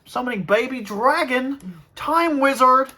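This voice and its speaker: Brash young male cartoon duelist with a thick Boston accent, loud and high, bragging, done by a vlogger. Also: a little slow, heavily acted. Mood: boastful.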